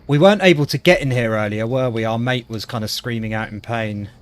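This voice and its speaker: This Welsh man streams games and chats casually, his medium-pitched voice moving a little quickly. He reacts with disgust and throws in self-deprecating jokes as he comments on the gameplay.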